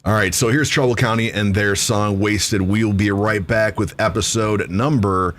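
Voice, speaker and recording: A man's voice: fairly low pitch, steady tone, moderate pace, fairly bright tone, a little hiss or hum. A man hosting a talk radio show, chatting loosely, cursing and joking at his own expense. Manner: loose, cursing, self-mocking banter. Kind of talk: casual talk radio chat.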